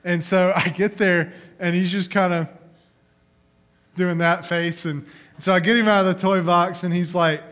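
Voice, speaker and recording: Chatty young pastor with a slightly high voice. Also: male voice, measured pace, a bit bright. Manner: conversational, storytelling with questions to the crowd. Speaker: youth pastor. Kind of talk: youth sermon.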